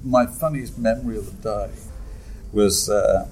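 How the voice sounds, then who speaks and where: A man's voice: fairly low pitch, measured pace, a little mellow, slight background noise, low-quality recording. Wry older man telling stories. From Britain. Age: 60s. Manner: wry, storytelling, chuckles often. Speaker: guest author. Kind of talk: conversational anecdote. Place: pub.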